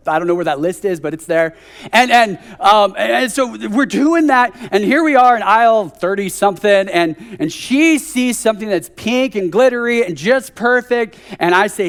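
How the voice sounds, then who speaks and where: A man's voice: high-pitched, animated, normal speed. A man in his thirties preaching a conversational sermon at a church service, telling a story with joking asides.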